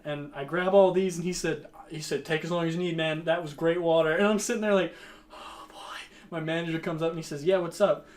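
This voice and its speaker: A man's voice: a little high, a little fast. A young man chatting casually and telling a story, laughing often and acting out what people said. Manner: animated, laughing often, acts out quotes.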